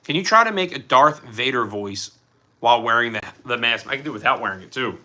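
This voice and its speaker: Chatty Philly man with a bright voice. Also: medium pitch, expressive, fast. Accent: Philadelphia. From Philadelphia, USA. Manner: rambling, loose and chatty. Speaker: livestream host. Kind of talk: casual livestream chat reading comments.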